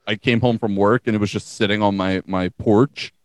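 A man's voice: on the low side, fairly even intonation, normal speed, no room sound. A young man co-hosting a podcast in casual chat, joking loosely and laughing often. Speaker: podcast co-host.

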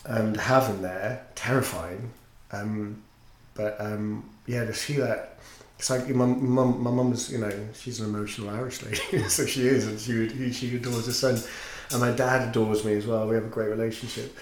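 With a voice on the low side, fairly even intonation and a moderate pace with few pauses, a teacher and singer recounts his story as a podcast guest. The interview is casual, his tone earnest and reflective, and the sound has roomy echo and faint noise.

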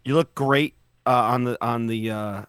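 Male podcast host, middle-pitched, animated and rambling, dry video-call sound. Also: normal speed, smooth, no echo. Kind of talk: casual chat over video call.

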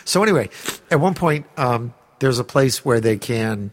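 A man's voice: mid-range voice, normal speed. A man in casual podcast chat, his voice rising and falling a lot as he tells a story. He rambles, restarts, and swears freely. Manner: animated, rambling, profane storytelling.

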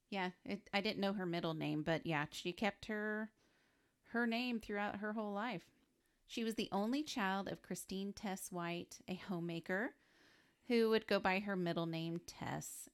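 A woman's voice: mid-range voice, steady tone, a little slow, clean tone. A woman co-hosting a podcast, talking casually through a life story and joking between facts. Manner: chatty, laughs often, quips between facts. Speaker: podcast co-host.

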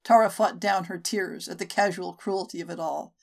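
A woman narrating a short story for a podcast in a measured, steady way. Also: fairly low pitch, gravelly. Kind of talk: audiobook narration.

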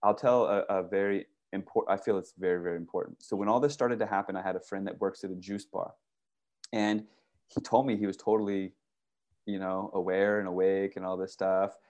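Man, low-pitched voice, casual conversation, animated, rambling, profane. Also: a little fast. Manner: rambling, animated storytelling with many restarts; profane, uses "dude" and "bro".

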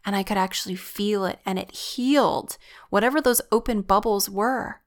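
A woman's voice: medium pitch, moderate pace. A woman giving an earnest, reflective personal faith testimony.

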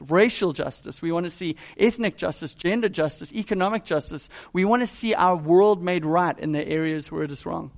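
Guy preaching a sermon, kinda gravelly, sits a bit high, chatty but punchy. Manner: conversational, emphatic preaching. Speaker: pastor.

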